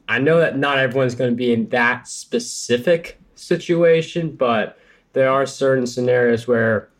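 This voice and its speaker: A man hosting a podcast, reacting to his guest's story in casual chat with frequent ums and uhs. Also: mid-range voice. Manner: hesitant, many fillers. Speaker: podcast host.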